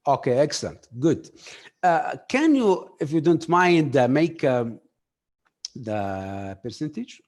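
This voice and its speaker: A man giving a workshop lecture on communication skills, pausing often with fillers and putting questions straight to his audience. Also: fairly high pitch, very animated. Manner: halting, filler-heavy, addresses audience directly.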